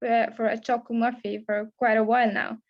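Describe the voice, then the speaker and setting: A woman's voice: fairly high pitch, flat delivery, brisk, dull audio, natural voice. A woman reading aloud, giving voice to a chatty, cheerful young woman who rambles apologetically.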